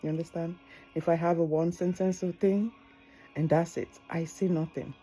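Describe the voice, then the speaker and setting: A woman's voice: on the low side, fairly even intonation, normal speed, mellow, husky, soft background music, rough recording. A middle-aged woman, tearing up as she gives earnest, preachy advice in a vlog, repeating phrases for emphasis. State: tearful. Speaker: vlogger. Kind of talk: heartfelt advice monologue.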